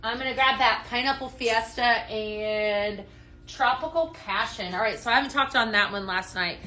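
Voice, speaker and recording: A bubbly young woman with a lilt hosts a live shopping stream, chatting to viewers and answering their comments. Her voice sits a little high and rings bright and forward. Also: normal speed. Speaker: live shopping show host. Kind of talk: live product selling stream.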